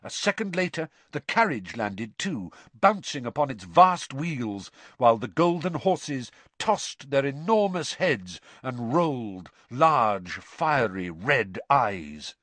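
A man narrating a storybook audiobook in an expressive, suspense-building way. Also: mid-range voice, slow pace, few pauses, no room sound. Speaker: audiobook reader.

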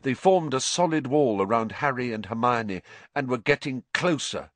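A man narrating an audiobook in a measured, suspenseful way, dropping low for dark passages. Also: expressive, no room sound.

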